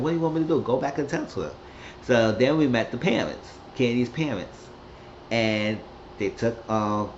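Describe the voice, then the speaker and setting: A man recapping a TV episode in a loose, rambling way, jumping into characters' lines with a raised, lively voice. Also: highs cut off, slight background noise. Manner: rambling, acts out quotes with raised pitch. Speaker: recap host.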